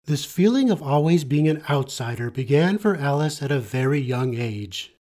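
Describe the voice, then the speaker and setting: A man hosting a podcast, reading a measured scripted introduction with cello music behind him. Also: on the high side, sing-song, darkish tone. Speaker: podcast host.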